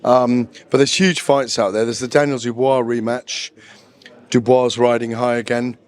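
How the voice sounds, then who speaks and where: Guest boxing pundit, man, mid-range pitch, knowledgeable and rambling. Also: little pitch movement, normal speed. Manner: knowledgeable, discursive, self-deprecating. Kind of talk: casual interview. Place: press conference venue.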